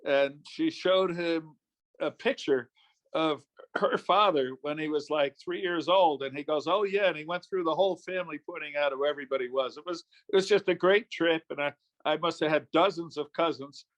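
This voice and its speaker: An older man from New York State talks as an interview guest, slipping into relaxed, chuckling anecdotes. His voice sits slightly higher than most men's. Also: normal speed. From New York State, USA. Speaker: guest, former politician. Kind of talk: casual interview storytelling.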